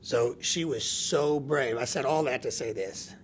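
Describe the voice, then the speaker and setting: A man's voice: medium pitch, unhurried, a little hiss or hum. A man telling a personal story in casual chat, laughing often and acting out the dialogue of the people in it. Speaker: podcast guest.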